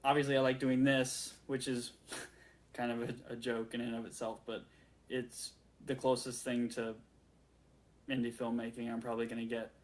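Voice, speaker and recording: A man in his late twenties telling a story in a rambling, excitable way, full of fillers and restarts. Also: medium pitch, moderate pace. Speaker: vlogger. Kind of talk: casual storytelling rant.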